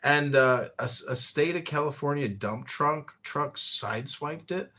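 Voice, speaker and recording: Brief: male host, bright tense tone, swears freely, acts out voices in anecdotes. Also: on the high side, a little slow. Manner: animated, profane, acts out voices in his stories. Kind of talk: casual storytelling chat.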